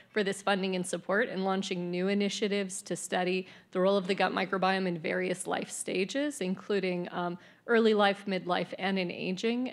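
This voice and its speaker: A woman researcher explains her work earnestly, with frequent fillers. Her voice sits in a middle pitch with a gravelly edge. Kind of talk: scientific remarks at an event.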